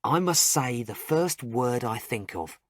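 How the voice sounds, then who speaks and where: A man reads a first-person story for English learners at a slow, even pace. His short sentences are plain and carefully spaced. The sound is dry and close, with no room echo. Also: medium pitch. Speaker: story narrator. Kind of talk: graded reader story narration for English learners.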